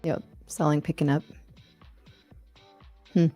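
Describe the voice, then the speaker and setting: A woman's voice: sits low, flat delivery, slow pace, dark tone, faint music behind. Upbeat, often laughing woman co-host. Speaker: co-host of a live trading show. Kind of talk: casual live-stream banter and market commentary.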